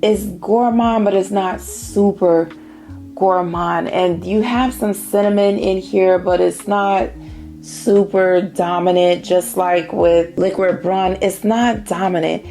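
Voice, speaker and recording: A middle-aged woman from Indiana chatting casually about perfumes on her vlog, savoring each scent in drawn-out phrases. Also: medium pitch, steady tone, warm tone, faint music behind. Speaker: fragrance vlogger.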